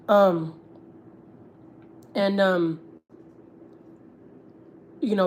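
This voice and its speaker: A woman's voice: mid-range voice, fast, long pauses, a little mellow, a little hiss or hum. A young woman from Texas, a family vlogger, chatting candidly on a livestream, full of swearing and filler words. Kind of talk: casual livestream chat.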